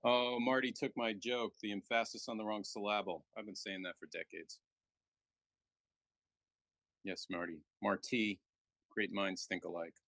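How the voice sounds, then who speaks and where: A man with a low, gravelly voice calls a live backgammon stream. He jokes and banters easily with his co-host. The sound is close and dry. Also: a little slow, long pauses, no echo. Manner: joking, relaxed banter. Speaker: backgammon commentator. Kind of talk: live game commentary.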